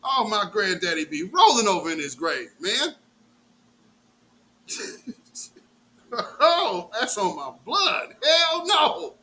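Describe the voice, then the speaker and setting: Middle-aged male host; bright, forceful delivery, rowdy profane storyteller. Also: high voice, takes it slowly, pauses often. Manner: animated, profane, acts out quotes. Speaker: live show host. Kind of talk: casual storytelling rant.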